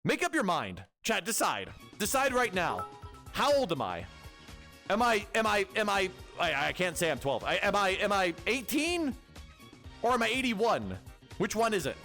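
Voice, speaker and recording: A man's voice: high-pitched, sing-song, moderate pace, gravelly, bright, forceful tone, soft background music. A young man streaming as a VTuber, chatting and joking with his chat in a rambling way. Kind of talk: casual livestream chat.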